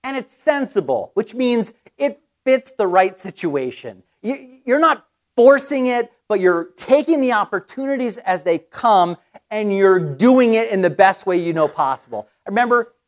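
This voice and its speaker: A middle-aged pastor delivers a sermon in a lively, chatty manner, sharing a personal story and often restarting his sentences. His voice sits high.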